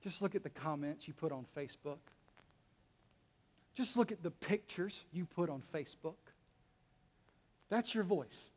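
A man preaching a sermon to his congregation, joking and teasing, swinging between quiet asides and loud emphatic lines. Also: high-pitched, lively intonation, moderate pace, pauses often. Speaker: pastor. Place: church hall. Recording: long hall reverb.

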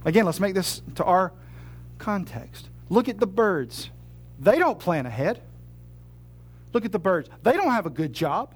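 A man's voice: high voice, big pitch swings, normal speed, pauses often. A male pastor preaching a sermon in a conversational, humorous way, full of rhetorical questions.

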